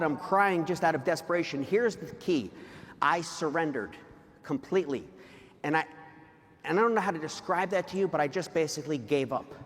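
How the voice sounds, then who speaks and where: A middle-aged man speaks from a stage, his voice sitting high for a man. He talks emphatically and confessionally, often pushing up into shouts. His voice carries through the long reverb of a big event hall. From New Jersey. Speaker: motivational speaker. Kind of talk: live stage talk to an audience.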